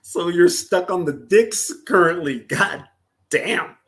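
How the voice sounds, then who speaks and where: A man's voice: sits high, takes it slowly, fairly bright tone. A man streaming casual reaction commentary, profane and mocking, often breaking into laughter.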